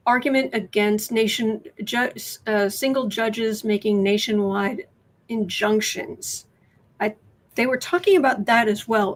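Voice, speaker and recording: A woman hosts a casual tarot livestream from home, talking into a webcam. Her voice sits a little high, and she thinks aloud with frequent restarts. A faint hiss runs under her voice. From United States. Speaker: tarot reader and livestream host. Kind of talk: casual livestream chat, reading viewer questions.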